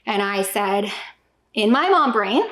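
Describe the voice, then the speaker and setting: A woman's voice: medium pitch, lively intonation, takes it slowly, a bit bright. A woman in her thirties talking straight to the viewer as a homeschooling parent, emphatic and often checking in with "okay?". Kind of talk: direct-to-camera talk.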